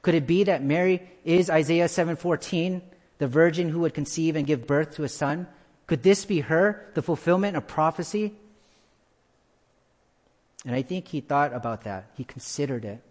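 A pastor preaching a sermon to his church, repeating key phrases for emphasis and slowing down to stress them. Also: a little high. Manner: slows down for emphasis. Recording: long hall reverb.

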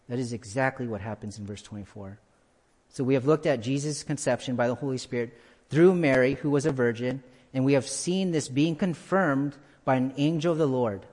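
Guy preaching a sermon in a reverby church, repeats stuff slow for emphasis. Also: medium pitch, darkish tone. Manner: emphatic repetition of key phrases; slows down for emphasis. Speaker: pastor. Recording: long hall reverb.

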